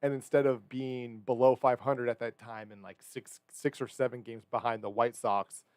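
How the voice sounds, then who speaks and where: A man's voice: mid-range voice, little pitch movement, dry recording, clean studio sound. Rambling, joking male sports radio co-host. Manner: joking, rambling, quick to correct himself. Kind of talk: casual sports radio banter.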